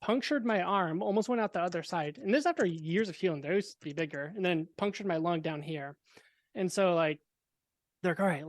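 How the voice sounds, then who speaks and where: A young man appearing as a podcast guest tells a personal story, relaxed and casual, with wry, deadpan dark humor. His voice is high-pitched.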